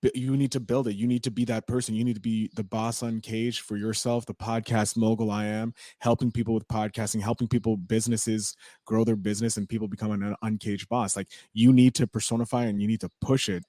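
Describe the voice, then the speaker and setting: A man of middle pitch hosts a podcast chat with an energetic, agreeable manner. He often stumbles and restarts mid-thought. His voice sounds dry and close to the mic. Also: fairly quick, few pauses, no echo. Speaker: podcast host. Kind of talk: casual podcast interview.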